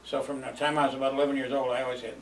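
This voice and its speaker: An older man with a gravelly voice rambles through old memories, chuckling between lines and filling pauses. He sits some way from the mic in a roomy space with a faint hum of ambience. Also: mid-range voice, little pitch movement, recorded from a distance. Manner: rambling, chuckling, lots of fillers. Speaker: storyteller. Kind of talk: reminiscing oral history.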